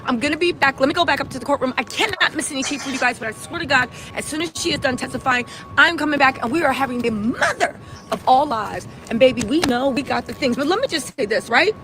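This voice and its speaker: A woman hosting a casual livestream from a city street, talking fast and emphatic, tagging "right?" onto her points. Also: high-pitched, expressive, noisy background. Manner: chatty, emphatic, many "right?" tags. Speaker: livestream host.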